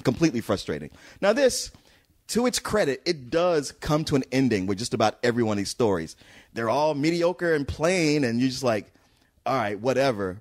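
A man giving a blunt, joking movie review in a casual roundtable chat, with crude wisecracks. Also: medium pitch. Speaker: film reviewer.

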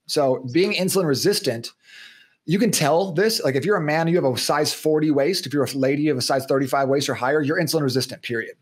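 A man in his thirties appears as a fitness and nutrition guest on a podcast interview. He talks fast in a fairly high voice with a breathy edge, explaining things animatedly and doing the voices of the people he quotes.

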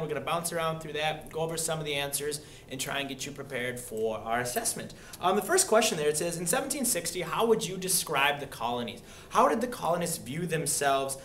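Upbeat teacher man, echoey room. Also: on the high side. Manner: casual, energetic explaining with many ums and rhetorical questions. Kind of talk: classroom lecture walkthrough of a study guide. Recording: echoey room with faint hiss.

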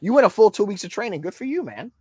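A man's voice: high voice, sing-song, fast talker, mellow, husky, no echo. Man, podcast host, casual interview, encouraging, explains details, dry close sound. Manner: prompting, encouraging, chiming in to explain.

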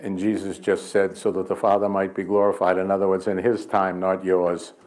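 Evangelist man, low-pitched, folksy storyteller leading prayer in a church. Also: flat delivery, moderate pace, darkish tone. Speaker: guest healing evangelist. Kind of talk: preaching at a healing service. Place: church sanctuary.

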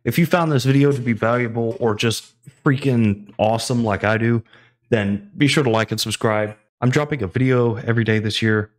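A man's voice: mid-range voice, moderate pace. A young man hosting a casual coding tutorial, chatty and enthusiastic, thinking aloud as he types.

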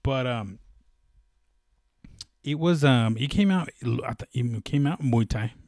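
Man, podcast host, casual sports talk, rambling with fillers, mid-pitched, dry close sound. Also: slow, a little mellow, no room sound. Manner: rambling, many fillers and self-corrections. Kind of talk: casual solo sports chat.

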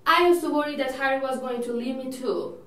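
Speaking a little fast in a high, slightly bright voice, a woman performs an audition monologue as a neurotic, divorced older sister, chatty, self-absorbed and fretting as she rambles. It was recorded from a distance in an echoey room.

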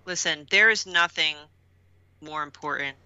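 Woman podcast co-host, low-ish voice, chatty, laughs often, dry close mic. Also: measured pace, bright, forceful tone, clear, resonant tone, no echo. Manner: chatty, laughs while talking. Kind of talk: casual chat. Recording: slightly dull lo-fi audio.

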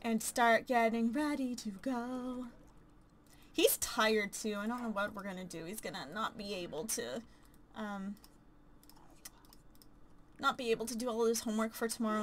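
Excitable young-sounding woman gaming commentator. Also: a little high, moderate pace. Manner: chatty and excitable, gushing aloud. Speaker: let's play commentator. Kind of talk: casual gameplay commentary.

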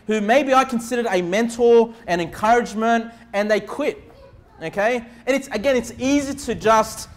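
Delivering a sermon, this young pastor has an unusually high voice for a man that remains notably high throughout. He talks earnestly to the congregation and keeps checking in with "okay?" so they follow along.

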